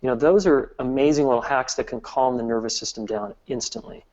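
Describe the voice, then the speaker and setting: A man speaking in a relaxed interview, working through his points one step at a time and often restarting a phrase. He has a mid-range voice. The recording sounds dull and a little lo-fi. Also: medium pitch, a little fast. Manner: earnest, explains step by step with many restarts. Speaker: guest relationship expert. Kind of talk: casual interview talk.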